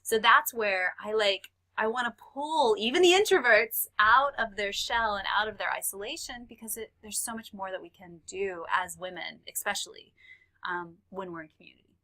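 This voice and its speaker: Animated Texan woman, bright voice. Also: medium pitch, normal speed. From Texas. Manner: animated storyteller, laughs often. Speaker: podcast guest. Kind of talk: casual podcast conversation.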